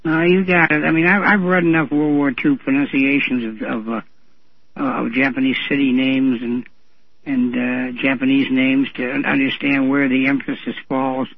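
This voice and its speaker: Chatty older-sounding guy on the radio, kinda husky, dry muffled sound. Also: medium pitch, little pitch movement, moderate pace, dry recording. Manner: chatty storyteller, chuckling. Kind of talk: casual radio talk.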